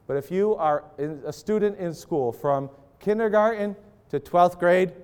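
A male pastor delivering a sermon in a slightly raised voice. He preaches with passion, letting his voice swell for acted prayers and sink low for quiet appeals. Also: a little slow, smooth. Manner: impassioned preaching, voice rising and falling for acted prayers.

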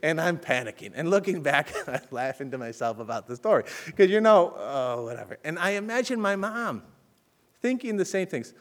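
A man preaching a sermon as a personal story, swinging between loud urgent bursts and hushed, soft passages. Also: fairly high pitch, very animated, brisk. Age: adult with children. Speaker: pastor.

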